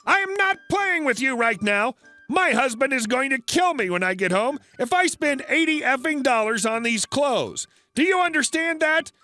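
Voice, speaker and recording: A shrill, furious entitled customer woman, shrieking her complaints in high, swooping outbursts, as a male narrator puts her on. Her voice climbs and lurches all over the place. Faint music plays under the recording. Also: gravelly, pushed and bright, exaggerated voice. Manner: screeching, indignant outbursts.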